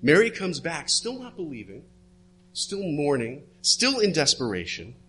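A man preaching a sermon, retelling a story and dropping his voice low and soft for the quoted words. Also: huge pitch swings, measured pace, slightly rough. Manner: storytelling, drops to hushed tones for quoted words.

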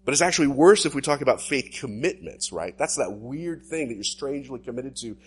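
A male pastor delivering a sermon in an animated preaching style with sweeping swings in pitch. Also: brisk, husky.

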